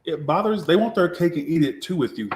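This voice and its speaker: A man's voice: on the high side, expressive, a little fast, darkish tone, slight background noise. A man giving a casual live tarot reading, talking in a blunt, sassy way with a lot of swearing. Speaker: tarot reader. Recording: echoey room.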